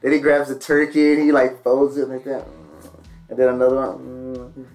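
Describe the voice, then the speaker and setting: Animated storytelling man on a podcast. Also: mid-range voice, moderate pace. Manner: animated, acts out the people in his stories. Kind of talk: casual storytelling chat.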